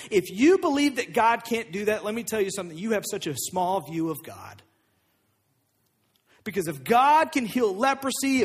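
A male pastor giving an energetic, joking, emphatic sermon. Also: sits high, husky.

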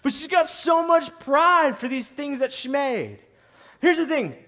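A young adult man preaching a sermon in a high-pitched voice. His talk is casual and conversational, full of restarts, rhetorical questions and quick asides. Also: animated, pushed and bright. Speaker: pastor.

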